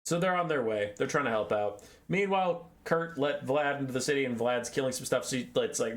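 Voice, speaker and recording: A man giving a casual video game lore recap as host, irreverent and profane, wandering off topic, with big swings in pitch. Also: a little fast.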